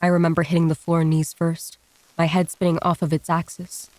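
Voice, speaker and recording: A woman reads a first-person horror story in a low, mellow voice. Her delivery stays flat and steady, recorded close and dry. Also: a little fast, dry recording, poor audio. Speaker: story narrator.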